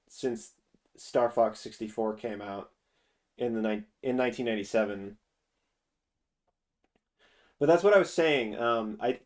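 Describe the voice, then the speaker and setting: A man's voice: medium pitch, darkish tone. A man streaming a casual, profane rant while reacting to a game trailer, restarting his sentences often. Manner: drawling and profane, with frequent restarts.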